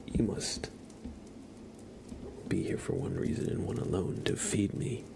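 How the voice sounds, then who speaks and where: A man's voice: deep voice, wildly swooping pitch, a little slow, vocal fry, background noise, full character voice. A man voicing his pet cat as a hungry, imperious creature that demands food, in whispered role-play.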